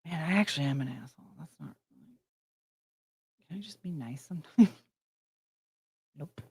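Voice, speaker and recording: A woman's voice: low voice, animated, moderate pace, darkish tone, slightly rough. A woman hosting a casual livestream, chatty and self-mocking as she answers her chat. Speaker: livestream host.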